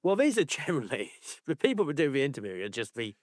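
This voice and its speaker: Lively, laughing man in casual chat. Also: mid-range voice, quick pace, no echo, studio quality. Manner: animated, laughing, swears freely. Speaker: podcast co-host.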